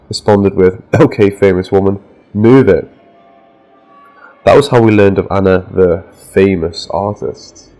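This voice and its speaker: A man reading a first-person horror story aloud as a scripted narration, with a steady, measured delivery. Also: fairly low pitch, rough recording.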